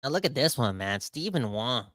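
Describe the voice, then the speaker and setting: A man hosting a sports podcast, ranting with animated, emphatic exasperation. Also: mid-range voice, normal speed, no echo, studio quality, faint music behind. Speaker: podcast host.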